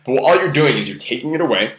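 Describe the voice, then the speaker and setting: A man giving a casual coaching talk, talking loosely and rapidly with many fillers. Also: medium pitch, lively intonation, fairly bright tone. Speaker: dating coach. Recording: echoey room.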